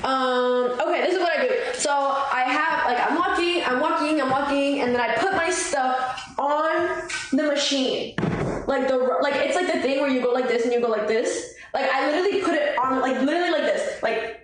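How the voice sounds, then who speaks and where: High-voiced young woman in an echoey room. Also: moderate pace. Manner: animated, swearing, laughing, mimics people. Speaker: streamer. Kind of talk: casual storytelling chat. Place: room on a livestream. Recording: very echoey room, faint noise.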